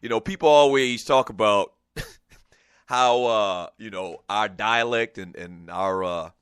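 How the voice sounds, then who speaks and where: A man from Lowcountry South Carolina hosting a radio show, rambling through a chatty, laugh-filled monologue. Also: measured pace, a bit bright, clear, resonant tone, no echo, studio quality. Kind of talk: casual talk radio monologue.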